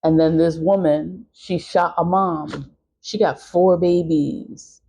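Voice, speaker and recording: A woman's voice: fairly low pitch, fairly even intonation, slow pace, warm tone, breathy edge. A middle-aged woman vlogger in a casual venting monologue, emphatic and repeating her points.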